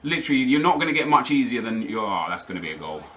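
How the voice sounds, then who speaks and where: Young guy venting while he plays, sharp bright tone, bit of background noise. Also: medium pitch, big pitch swings, racing. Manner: frustrated, ranting, talking to viewers. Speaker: gaming YouTuber. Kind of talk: live gameplay commentary.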